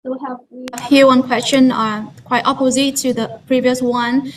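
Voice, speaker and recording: A woman's voice: high-pitched, flat delivery, normal speed, distant mic, slight background noise, poor audio. A woman moderating an online workshop, reading out audience questions with many hesitations.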